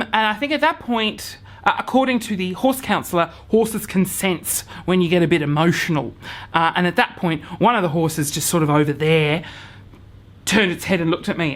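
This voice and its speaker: A young man vlogging a comic story to camera, acting out his own panic with hushed whispers, swearing and sudden shouts. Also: high-pitched.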